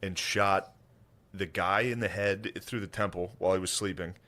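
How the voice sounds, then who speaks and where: A man co-hosting a comedy podcast, telling a story in casual profane chat, laughing through it and shouting out the lines he acts. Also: low-pitched, steady tone, normal speed. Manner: profane, drops to a mumble for grim details. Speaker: podcast co-host.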